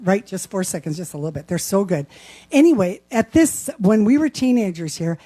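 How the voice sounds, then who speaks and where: A woman's voice: mid-range voice, very animated, fairly quick, mellow. A woman from Wisconsin hosting a live home concert stream, chatting casually and enthusiastically between songs. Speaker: singer and show host. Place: home, indoors.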